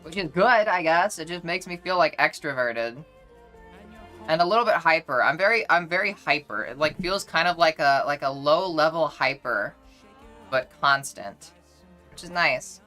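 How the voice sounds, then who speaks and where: A woman's voice: low-pitched, animated, normal speed, bright, forceful tone, faint music behind. A woman streamer chatting casually with her viewers, rambling along with many restarts.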